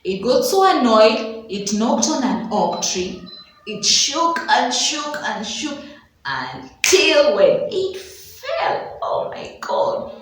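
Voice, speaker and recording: A woman preschool teacher from Uganda, telling a story in an animated, sing-song way and sounding out letters slowly for young children. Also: fairly high pitch. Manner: slow, drawn-out sounding of letters. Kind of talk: children's phonics lesson with storytelling. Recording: very echoey room, voice from far off.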